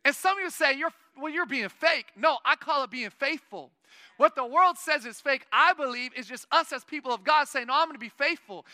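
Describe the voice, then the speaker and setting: Man, pastor, sermon, very bright tone, dry close voice, long hall reverb. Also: very high-pitched, expressive, brisk. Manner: earnest, conversational preaching with rising emphatic peaks. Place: church sanctuary.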